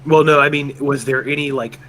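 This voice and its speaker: A man's voice: medium pitch, steady tone, brisk, a bit bright, low-quality recording. A man playing a tabletop game, thinking aloud and restarting as he describes his actions. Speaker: player.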